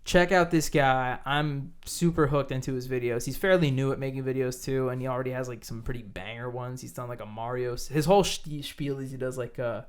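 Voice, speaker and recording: A man's voice: mid-range voice, fairly even intonation, brisk, few pauses. A man co-hosting a podcast, chatting casually and rambling with lots of fillers and swearing. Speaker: podcast co-host; teacher. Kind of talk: casual chat.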